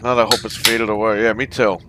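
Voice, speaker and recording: A man's voice: on the low side, level tone, fairly quick, very noisy. A man hosting a casual online gaming chat, ranting with heavy profanity. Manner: profane, ranting about wrestling. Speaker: podcast host.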